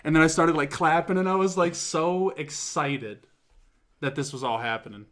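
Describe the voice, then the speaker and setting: A man co-hosting a casual talk show, telling a story in an excitable, animated way and swearing often. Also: fairly high pitch, normal speed. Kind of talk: casual chat.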